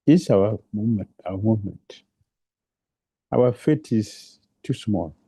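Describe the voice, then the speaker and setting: A man's voice: fairly low pitch, lively intonation, slow pace, mellow, slightly rough, dry recording. A man giving a devotional lecture, repeating phrases for emphasis and asking rhetorical questions, in non-native English phrasing. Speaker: preacher.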